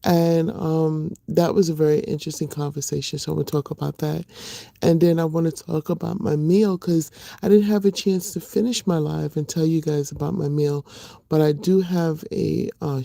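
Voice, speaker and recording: A middle-aged woman talks casually to her livestream viewers, greeting them and filling pauses with ums. Her voice is low-toned, gravelly and rough from sleep. The sound is dry and close, with no room around it. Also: steady tone, dry recording. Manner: chatty, warm greetings to viewers, many fillers. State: just woke up, voice rough. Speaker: livestream host.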